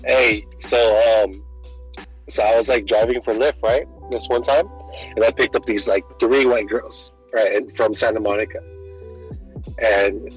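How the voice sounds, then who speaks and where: A man's voice: on the low side, a little slow, soft background music, low-quality recording. A young man hosting a casual podcast chat, telling stories with lots of laughter and acted-out voices. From Filipino American. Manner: animated storytelling, laughing often, acting out voices. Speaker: podcast host.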